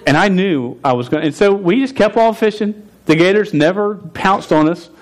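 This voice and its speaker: A man in his forties preaching through a personal story, his voice sitting a little higher than most men's. He stutters and restarts his phrases often, telling the story with lively, laughing energy. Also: moderate pace. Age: 40s. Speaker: pastor. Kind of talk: storytelling sermon.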